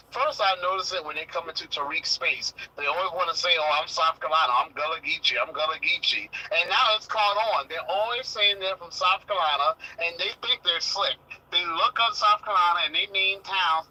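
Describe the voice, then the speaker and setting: A man with a husky voice, a guest talking casually in a wry storytelling way. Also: sits high, sharp tone, poor audio. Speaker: guest speaker. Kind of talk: casual talk.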